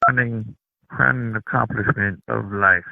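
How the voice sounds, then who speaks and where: A man hosting a casual call-in chat, excitable, slangy and profane. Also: lowish voice, measured pace, gravelly, no echo. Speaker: show host. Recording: tinny phone-like line.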